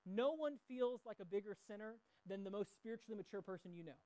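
A man's voice: sits high, lively intonation, fast talker, mellow, no echo, rough recording. A middle-aged man preaching a sermon in a conversational way, mixing scripture with personal stories. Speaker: pastor.

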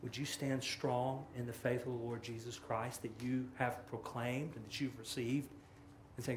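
A pastor preaching with passion, his middle-pitched voice climbing loud then dropping to a hush. The sound is roomy and echoing, with a faint hum of ambience behind him. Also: little pitch movement, moderate pace. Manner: impassioned preaching, swinging from loud to hushed. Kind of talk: sermon. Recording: echoey room with faint ambience.

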